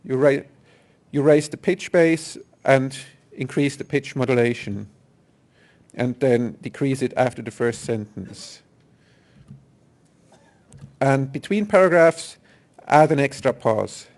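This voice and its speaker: A man's voice: mid-range voice, slow, pauses often, darkish tone. Methodical male tech presenter. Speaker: conference presenter. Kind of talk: technical presentation. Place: conference hall.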